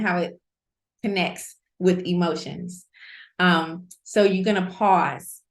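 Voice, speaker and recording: Middle-aged female coach, chatty lesson delivery, mid-pitched voice, echoey room. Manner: lively, conversational, repeats points for emphasis. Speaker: host, coach. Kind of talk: online masterclass teaching. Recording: roomy echo.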